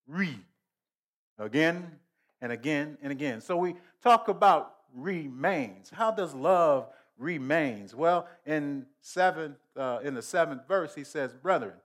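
Male preacher, slightly high voice, deliberate slow delivery, repeats phrases for emphasis. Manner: slow emphatic preaching with repetition and sudden loud rises. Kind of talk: sermon.

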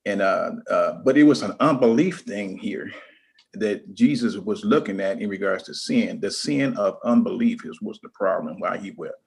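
A man in a Bible study group answering a question, hesitant, with many pauses and fillers. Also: on the low side, lively intonation, vocal fry, husky.

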